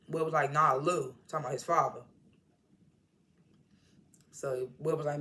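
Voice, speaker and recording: A woman casually recapping and reviewing a TV episode, animated and slangy, with indignant asides as she retells the scenes. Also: low voice, moderate pace, pauses often. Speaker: TV show reviewer.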